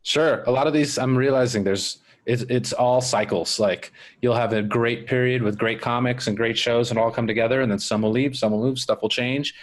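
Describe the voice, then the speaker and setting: A man's voice: medium pitch, fairly even intonation, normal speed, few pauses. A man hosting a casual podcast chat, talking in a reflective, rambling way. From Miami area comedy scene. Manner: reflective, rambling, overthinks aloud. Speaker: podcast host.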